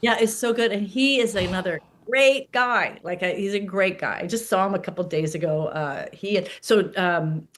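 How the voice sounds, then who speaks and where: A middle-aged woman from Canada, an actor chatting as an interview guest, talking in quick restarts and lots of "like". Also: medium pitch. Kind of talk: casual interview chat.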